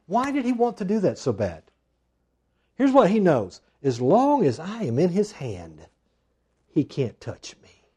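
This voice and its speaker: A man preaching a sermon, swinging from loud emphatic lines to hushed, drawn-out asides. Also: on the high side, husky. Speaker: pastor.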